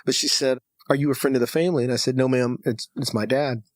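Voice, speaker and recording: A man's voice: mid-range voice, fast talker, no room sound. A man from Texas, a podcast guest, telling a personal story and acting out the voices of the people in it. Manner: animated storyteller who acts out dialogue.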